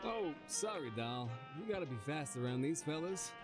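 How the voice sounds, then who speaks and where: A gruff, slick mob-boss man , put on by a woman reading the game aloud swaggers through his lines in a street-smart drawl, his pitch swooping up and down. Guitar music plays clearly behind him. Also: expressive, normal speed. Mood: cocky. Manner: slick, streetwise, calls people doll. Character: brash male mob-boss type, middle-aged.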